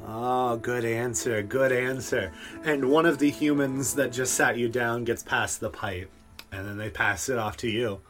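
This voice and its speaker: A man runs a tabletop game and narrates the scene in a relaxed, mid-pitched voice. He talks loosely and leans on casual fillers. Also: normal speed, soft background music. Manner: laid-back, loose, filler-heavy. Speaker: game master.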